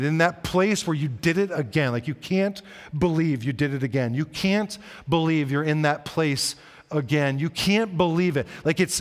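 Man, pastor, sermon, earnest, conversational, repeats for emphasis, slightly high voice. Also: long reverb tail. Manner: earnest, repetitive, conversational preaching.

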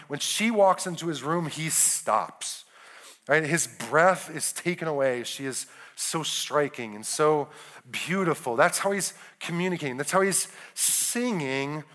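Pastor, male, slightly raised pitch, earnest sermon delivery, frequent "right?" check-ins. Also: bright, forceful tone. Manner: earnest, keeps asking "right?" with quick restarts.

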